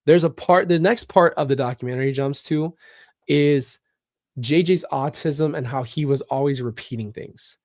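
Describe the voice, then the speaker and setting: A man's voice: fairly high pitch, normal speed, a little mellow, dry recording, clean studio sound. A man hosting a casual commentary vlog, talking bluntly and emphatically with open frustration. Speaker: channel host.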